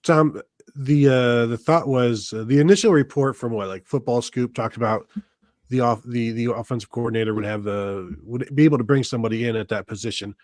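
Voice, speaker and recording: A man's voice: mid-range voice, brisk, darkish tone, no echo. Male podcast host, casual and rambling, dry recording. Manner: rambling, many fillers and restarts. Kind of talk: casual live podcast chat.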